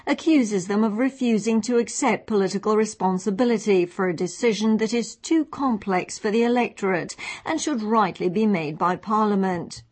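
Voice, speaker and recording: A woman news reporter narrating a scripted report in a clear, formal voice. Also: medium pitch, a little mellow.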